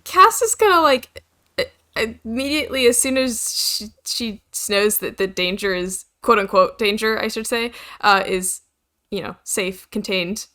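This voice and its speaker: A woman's voice: mid-range voice, expressive, unhurried, bright, forceful tone. A woman playing a tabletop game, giggly and hesitant, describing her character's actions. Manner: giggly, hesitant, many fillers. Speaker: player. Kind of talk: casual tabletop game play.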